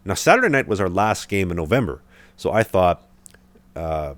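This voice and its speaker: A man's voice: low voice, sing-song, moderate pace, no room sound. A young man hosting a podcast, telling a long story in casual chat with lots of fillers and restarts. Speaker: podcast host, hockey goalie.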